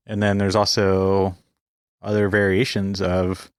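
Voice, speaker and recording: Very low-voiced man podcast co-host. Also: completely flat delivery, clean tone, no echo, clean studio sound. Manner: measured, teasing, asks questions. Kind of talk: casual chat.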